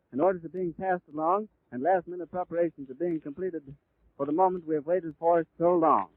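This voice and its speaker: Man on old-time radio calling what he sees live, fairly high voice, tinny and dry. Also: dry recording. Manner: vivid, flowing description with occasional stumbles. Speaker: radio announcer. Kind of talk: live eyewitness radio commentary.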